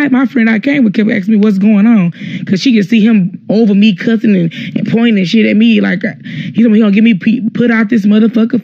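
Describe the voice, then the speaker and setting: A young man with a notably high voice rambles through a tense personal story, swearing freely and acting out the exchanges. The audio is dull and lo-fi, like a phone live stream, and sounds dry and close. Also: a little fast, gravelly, dry recording. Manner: rambling, heavy swearing, acts out quoted exchanges.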